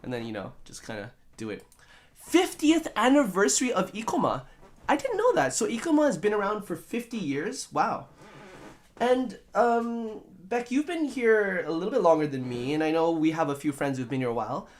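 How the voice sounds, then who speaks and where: A man's voice: high-pitched, very animated, moderate pace. Playful rambling man on a live stream. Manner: playful, rambling, jokey wordplay. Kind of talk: casual live stream chat. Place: home studio indoors.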